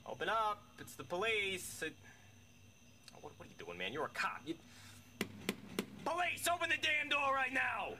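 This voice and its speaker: A high, animated voice of a nervous male cop, as a man puts him on, stammering through every line. The sound is echoey, with clear noise behind it. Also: normal speed, pauses often. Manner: stammering, panicky. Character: nervous, jittery male police officer.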